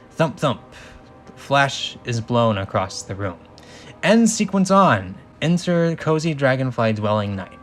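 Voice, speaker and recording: A young man reading a film script aloud, breaking off to joke and apologize in a self-mocking way. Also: medium pitch. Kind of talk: script reading with casual commentary.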